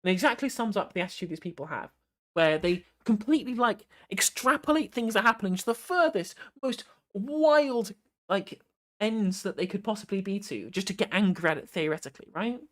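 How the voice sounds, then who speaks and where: A British woman talks through the news in a relaxed, conversational way on her stream. She often repeats words as she gets going and tosses off dismissive asides, at an ordinary mid pitch. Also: fairly quick. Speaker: live-stream political commentator. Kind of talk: casual commentary.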